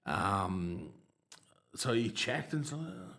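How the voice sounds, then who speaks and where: A man hosting a livestream, telling a personal story in a casual, halting way, with lots of fillers and restarts, laughing at his own tale. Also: mid-range voice, sing-song, a bit bright. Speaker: livestream host.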